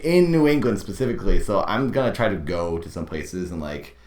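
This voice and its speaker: A man with a deep, low voice chats quickly and loosely, piling up fillers and backtracking as he tells a story. He sounds like a podcast host in casual conversation, and his voice carries a roomy echo. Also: lively intonation, over a noisy crowd. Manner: rambling, many fillers and restarts.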